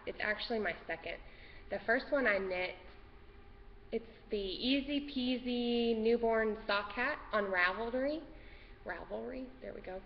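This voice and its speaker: Woman, home craft vlogger, jittery and rambling; lo-fi audio, faint hiss. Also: mid-range voice. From Texas. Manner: nervous, rambling, easily distracted. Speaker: podcast host. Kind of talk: casual craft vlog chat. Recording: dull lo-fi sound with long reverb and faint noise.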